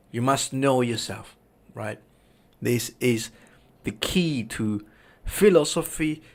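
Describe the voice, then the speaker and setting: Slow, emphatic man. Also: medium pitch. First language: Spanish. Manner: emphatic, often asks "right?". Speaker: livestream host. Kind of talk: casual commentary.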